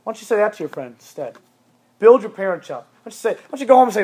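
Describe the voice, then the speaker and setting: Emphatic high-voiced male youth preacher. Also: very animated, very fast, a little mellow, husky. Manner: emphatic, repeats commands for stress. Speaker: youth pastor. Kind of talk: sermon.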